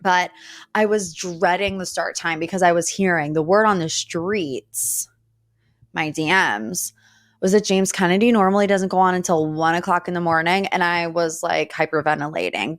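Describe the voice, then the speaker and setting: A woman's voice: fairly low pitch, moderate pace, dry recording. Chatty woman telling stories, dry close mic. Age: 30s. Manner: chatty, dramatic, animated storytelling. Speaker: podcast host. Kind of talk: casual solo chat. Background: faint weed whacker outside.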